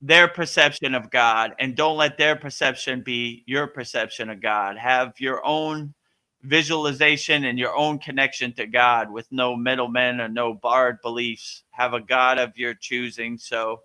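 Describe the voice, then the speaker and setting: A man's voice: medium pitch, fairly even intonation, unhurried, bright, forceful tone, clean tone. A man who teaches yoga, speaking in a loose, rambling and earnest way, answering a question in a casual spiritual talk. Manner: loose, rambling, full of "you know" and "like"; earnest and emphatic.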